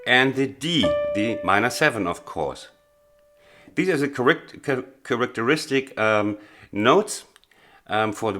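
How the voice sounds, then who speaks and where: A man teaching a blues piano lesson, explaining earnestly and with emphasis, pausing with small hesitations. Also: medium pitch. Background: faint piano playing.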